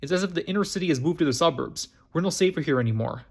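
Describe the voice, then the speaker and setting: A man's voice: fairly high pitch, animated, racing, vocal fry, slightly rough, exaggerated voice. A man voicing a concerned young male pastor, earnest and grave.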